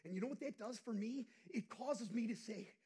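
A male pastor preaching an impassioned sermon, dropping to hushed asides and rising to loud outbursts. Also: extremely high pitch, moderate pace, slightly rough.

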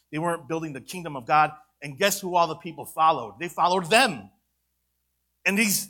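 A man delivers a sermon in a church with an emphatic preaching manner, leaning on many rhetorical questions. His voice is bright and forward, sitting a little higher than most men's. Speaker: pastor.

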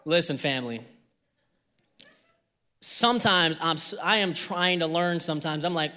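A young man delivers a sermon, with a high, bright and forceful voice. He shares a candid personal story in a conversational way. Then he rises into emphatic preaching. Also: moderate pace, long pauses, in a large hall. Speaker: pastor.

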